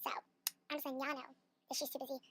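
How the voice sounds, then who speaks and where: A woman putting on a small, childlike sidekick character called Peanut, who chats in a squeaky voice. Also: little pitch movement, very fast, sharp tone, a little hiss or hum. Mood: teasing.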